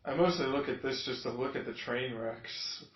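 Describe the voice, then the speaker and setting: A man talking casually in a video journal, reacting to clips, rambling and profane, flaring up into angry shouts. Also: mid-range voice, moderate pace. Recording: dull lo-fi sound in an echoey room.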